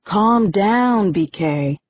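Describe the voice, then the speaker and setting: A woman's voice: mid-range voice, expressive, extremely slow, breathy edge, lo-fi sound, full character voice. A woman doing an earnest young man, choked up. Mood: alarmed.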